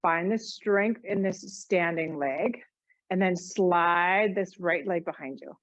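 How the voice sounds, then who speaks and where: A woman's voice: lowish voice, takes it slowly, no room sound, poor audio. A woman teaching a yoga class, cueing each move with chatty, joking asides. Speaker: yoga instructor. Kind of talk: guided exercise class instruction.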